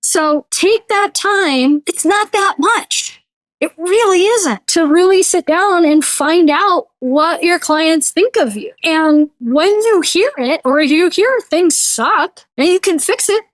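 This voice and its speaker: A woman's voice: very high-pitched, expressive, slow, no room sound. A woman guest on a business interview, talking bluntly and animatedly, acting out the voices of the people she quotes. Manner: blunt, joking. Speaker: guest brand consultant. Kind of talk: casual interview talk.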